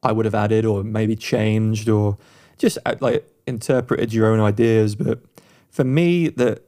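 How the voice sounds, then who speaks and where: A man's voice: lowish voice, measured pace, mellow. A man co-hosting a music podcast, talking enthusiastically in casual, rambling chat with frequent restarts. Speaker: podcast co-host reviewing songs.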